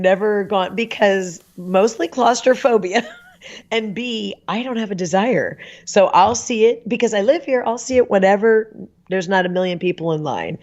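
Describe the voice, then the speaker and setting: A talkative woman on a podcast, spinning animated stories and breaking into laughs often. Her pitch sits in the middle of the range. The audio is a bit dull, like a remote call. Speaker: podcast guest, author. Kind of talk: casual chat.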